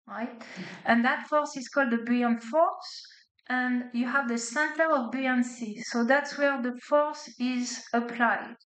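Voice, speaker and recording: High-voiced accented woman lecturing. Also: a bit bright. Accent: non-native English. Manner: explains step by step with frequent "okay?" and "right?" checks. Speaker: physics lecturer. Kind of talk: classroom lecture. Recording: echoey lecture hall.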